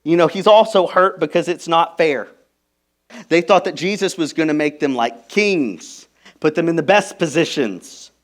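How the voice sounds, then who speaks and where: A man preaching a sermon as pastor, emphatic, moving from hushed, intimate lines to loud, stressed ones. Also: on the high side, moderate pace. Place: church.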